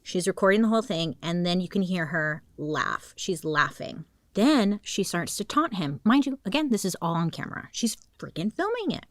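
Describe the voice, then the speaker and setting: Chatty, low-voiced woman telling true crime. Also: animated, normal speed, no echo, clean studio sound. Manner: chatty and slangy, dropping into dramatic whispers. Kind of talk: casual true crime storytelling.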